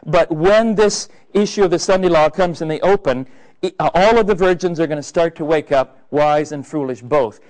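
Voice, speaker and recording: Earnest, higher-voiced male preacher. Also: moderate pace, darkish tone, low-quality recording. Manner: conversational, earnest, many fillers. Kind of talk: sermon.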